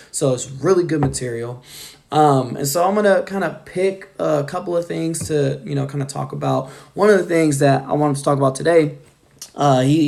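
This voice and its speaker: A man's voice: mid-range voice, gravelly, darkish tone. A man who works in sales gives a casual motivational pep talk on a live stream, loose and full of fillers. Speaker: sales rep giving motivation.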